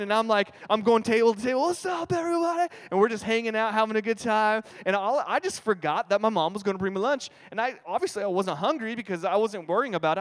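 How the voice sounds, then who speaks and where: High-voiced energetic young preacher. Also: male voice, smooth. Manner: energetic, humorous, repeats key phrases. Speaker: pastor. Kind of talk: sermon with storytelling. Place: church sanctuary. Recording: reverberant church hall.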